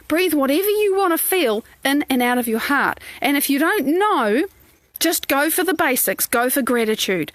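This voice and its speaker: Woman life coach, high voice, encouraging live-stream talk, dry recording. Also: lively intonation, normal speed, no echo. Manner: encouraging, guides breathing exercises.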